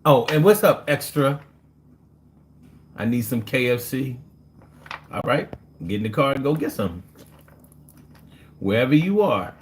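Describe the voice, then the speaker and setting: Animated joking New man. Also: medium pitch, unhurried, pauses often, a little hiss or hum. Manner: loose, joking, slangy, laughs often. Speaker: live stream host reading chat. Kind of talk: casual live chat.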